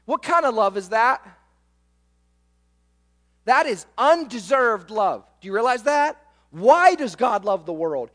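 A man's voice: very high voice, big pitch swings, takes it slowly, fairly bright tone. A man preaching a sermon, emphatic and full of rhetorical questions to his listeners. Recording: long hall reverb.

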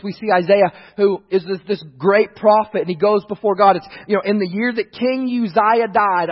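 A male pastor with a high, husky voice preaches with emphasis. He slows and swells on key lines, then sinks low and soft for asides. The recording is dull and lo-fi, with long reverb. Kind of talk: sermon.

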